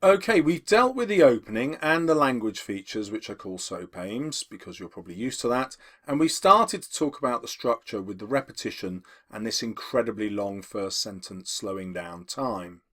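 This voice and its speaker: A man teaching English, explaining poetry analysis to students and slowing down to read quotations. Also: lowish voice. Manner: lively, emphatic, slows down to read quotations.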